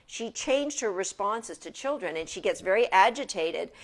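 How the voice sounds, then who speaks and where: A woman's voice: medium pitch, expressive, normal speed. A woman dog trainer giving an informal lecture from her couch at home in a chatty, casual way with frequent restarts.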